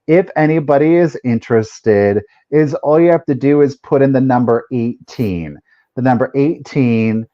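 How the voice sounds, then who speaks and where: A man's voice: mid-range voice, normal speed. A man co-hosting a live vintage sale, joking around and trailing off with fillers as he describes items. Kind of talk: casual live-stream selling. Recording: dull lo-fi stream audio.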